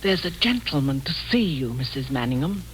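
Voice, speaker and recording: An actress playing a blunt, knowing young housemaid who speaks matter-of-factly, in 1940s radio acting style. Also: female voice, extremely low pitch, big pitch swings, normal speed. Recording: noisy old radio broadcast.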